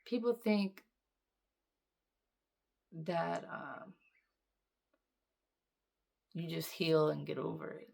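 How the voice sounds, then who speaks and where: A woman's voice: sits low, drawn-out words, vocal fry, long pauses, a little mellow. A young adult woman hosting her own vlog, talking casually and bluntly, swearing freely, rambling and sometimes dropping to a whisper. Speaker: channel host.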